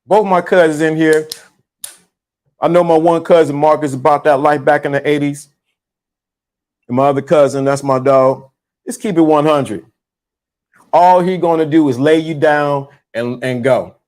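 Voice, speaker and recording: A man's voice: a little high, fairly even intonation, normal speed, darkish tone. A man hosting a casual live-stream talk, speaking bluntly and frankly in slang, often restarting his sentences. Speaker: host.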